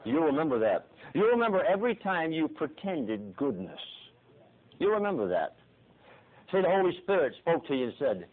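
A middle-aged man preaching a sermon dramatically, swinging from soft, hushed passages to pleading cries and repeating his phrases. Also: a little high, very animated, normal speed. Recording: tinny phone-like lo-fi recording.

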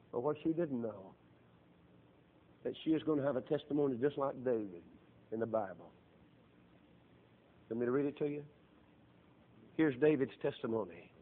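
Tinny-sounding fervent middle-aged preacher man. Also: medium pitch. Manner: fervent preaching that swells into loud, drawn-out emphasis. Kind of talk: sermon.

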